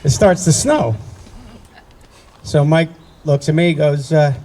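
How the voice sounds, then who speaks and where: Gravelly older man telling family stories. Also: fairly high pitch, animated, normal speed, warm tone, poor audio. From New Jersey. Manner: anecdotal, conversational, with frequent restarts. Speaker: eulogy speaker at memorial ceremony. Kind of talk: personal storytelling speech. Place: outdoor memorial ceremony.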